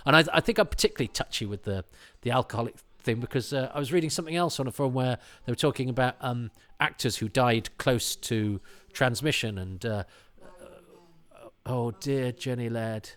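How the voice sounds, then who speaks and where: A man hosts a commentary podcast, chatting in a rambling way full of restarts and side remarks. His voice is medium in pitch and fairly quick.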